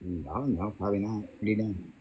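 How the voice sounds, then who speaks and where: A man's voice: fairly low pitch, quick pace, a little mellow, husky. Joking, foul-mouthed man on a live stream. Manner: joking, swears often, laughs at himself. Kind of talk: casual chat on a live stream.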